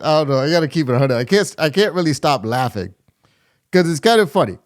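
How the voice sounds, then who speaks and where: A man's voice: fairly high pitch, sing-song, fast talker. A man hosting a music reaction video, chatting casually as he breaks down rap lyrics and scats rhythms to explain them. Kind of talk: casual rap critique commentary.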